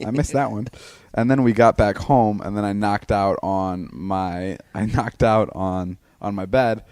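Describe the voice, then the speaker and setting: A man's voice: fairly low pitch, fairly even intonation, measured pace, darkish tone, clear, resonant tone, no room sound. A man in his twenties co-hosting a podcast, telling a story casually with plenty of swearing and acting out what people said in raised voices. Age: 20s. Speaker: podcast co-host. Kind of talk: casual chat.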